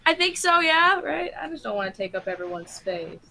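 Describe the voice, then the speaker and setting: A woman chatting casually on a stream, soft-spoken, giggly and apologetic. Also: high voice, sing-song, fairly quick, vocal fry. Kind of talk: casual chat.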